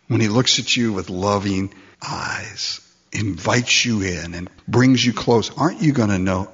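A man preaching a sermon, animated and acting out the voices in the story. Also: lowish voice, a little slow, slightly rough. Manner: animated, acts out voices in quotes. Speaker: pastor. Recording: dull lo-fi recording.

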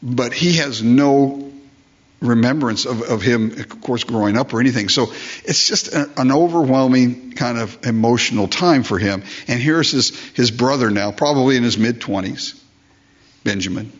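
Older male pastor, sermon delivery, rhetorical questions, mid pitch, slightly husky; muffled recording. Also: moderate pace. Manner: emphatic, repeats phrases, asks rhetorical questions.

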